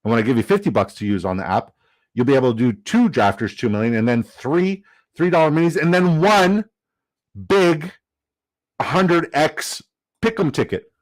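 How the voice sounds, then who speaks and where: A young man casually chatting on a live stream, reading chat comments aloud, excitable and swearing freely. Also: fairly high pitch, normal speed. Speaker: fantasy football streamer.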